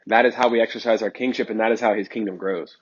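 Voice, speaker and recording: Fervent preacher man, husky and low. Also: fairly even intonation, fast talker. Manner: fervent and emphatic, with repeated phrases and frequent ums. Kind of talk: sermon. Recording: dull lo-fi sermon recording.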